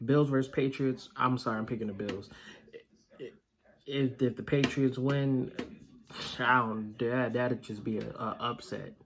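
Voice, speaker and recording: A man's voice: mid-range voice, steady tone, measured pace, background noise. A man hosting a casual sports picks vlog, blunt and opinionated, with plenty of filler words. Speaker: vlog host.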